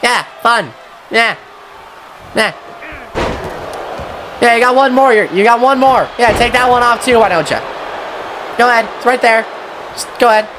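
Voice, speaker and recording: High-pitched guy yelling wrestling play-by-play, swears a lot, noisy hiss in the recording. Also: moderate pace, pauses often. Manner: excitable, sweary, often shouting at the action. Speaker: wrestling commentator. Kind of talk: play-by-play video game commentary.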